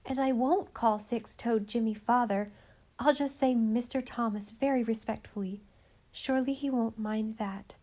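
A woman's voice: on the high side, normal speed, mellow, natural voice. A woman reading aloud, voicing an earnest, timid little girl with a slightly raised voice. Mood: desperate. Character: anxious, well-mannered little girl.

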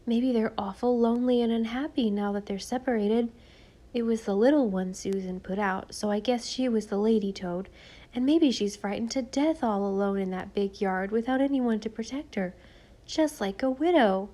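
A woman voicing an anxious, tender-hearted young boy in an audiobook, talking earnestly in worried, breathy half-whispers. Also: fairly high pitch, moderate pace, dark tone, close to an everyday voice. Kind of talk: audiobook character voice.

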